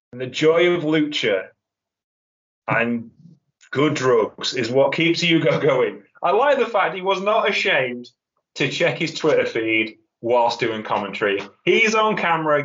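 A man's voice: on the high side, fairly bright tone. A man hosting a casual wrestling podcast, chatty and wry with rambling asides. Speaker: podcast host. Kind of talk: casual chat. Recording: dull lo-fi podcast audio.

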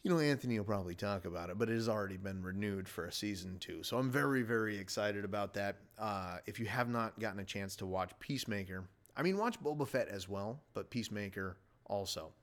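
A man's voice: lowish voice, lively intonation, a little fast, few pauses. A middle-aged man hosting a casual podcast, rambling enthusiastically and jumping between topics as he reviews a movie. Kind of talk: casual chat.

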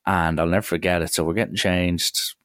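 A man's voice: low-pitched, fairly even intonation, brisk, a bit bright, smooth, no echo, studio quality. A young man telling a school story in a casual, wry, rambling way. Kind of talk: casual anecdote.

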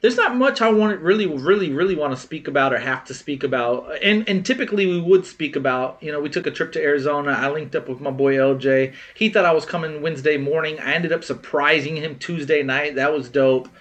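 A man co-hosting a casual podcast, swearing freely and loudly acting out friends' lines as he tells a story. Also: fairly high pitch, a little fast, few pauses, highs cut off. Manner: animated storyteller, acts out quoted friends loudly, laughs, swears. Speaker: podcast co-host. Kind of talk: casual chat.

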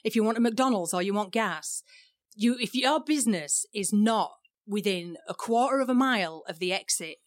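A woman's voice: mid-range voice, expressive, moderate pace, no room sound, studio quality. A middle-aged woman with an English accent, chatting and giggling as a podcast co-host, self-mocking. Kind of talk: casual chat.

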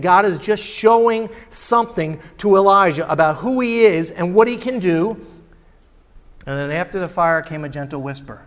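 Man, pastor, dramatic sermon, loud to hushed swings, high-pitched, long hall reverb.

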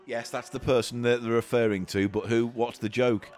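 A man's voice: medium pitch, steady tone, normal speed, a little mellow. A man co-hosting a rowdy comedy podcast, rambling and mock-grumpy, often giggling. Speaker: podcast co-host. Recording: faint music behind.

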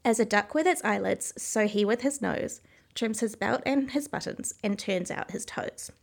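A woman's voice: medium pitch, normal speed, gravelly. A woman voicing Alice, a polite, puzzled young girl who speaks uncertainly in a storybook reading. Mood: timid. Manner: timid, uncertain.

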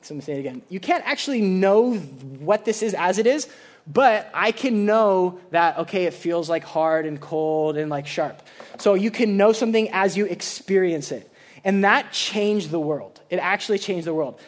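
High-voiced man preaching casually. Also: expressive, moderate pace. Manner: chatty, loose, with many "like" fillers and restarts; explains ideas to a student audience. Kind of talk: casual sermon.

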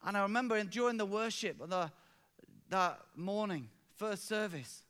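A middle-aged man preaching a sermon as pastor, telling stories fervently and swinging from hushed, quiet moments to exclamations. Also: sits high, moderate pace, clear, resonant tone.

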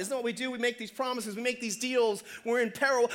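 A man preaching a sermon as pastor, conversational and energetic, calling out to the congregation. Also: extremely high pitch, fast talker, hardly any pauses. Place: church.

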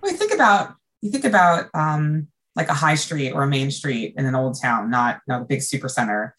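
An American woman, an event designer, chatting casually and telling a vivid story in an animated, emotional way. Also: deep voice, moderate pace. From United States. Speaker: event designer, podcast guest. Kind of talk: casual backstage chat.

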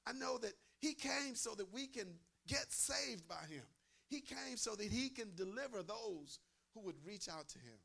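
A man's voice: high-pitched, animated, moderate pace, creaky, pushed and bright. Emphatic man preaching a sermon. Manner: emphatic, repeats phrases, asks the crowd "amen?".

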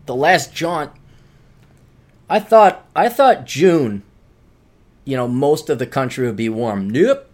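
A man hosting his own podcast, talking in a rambling, animated solo monologue with jokey asides. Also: mid-range voice, slow pace, long pauses. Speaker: podcast host.

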